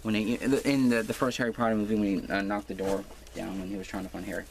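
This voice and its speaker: Man, home crafting vlogger, low voice, rambling and self-mocking, noticeable background noise. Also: little pitch movement, fast talker, vocal fry. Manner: rambling, full of fillers and restarts; self-deprecating. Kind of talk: casual rambling vlog. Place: room at home. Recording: noisy home recording.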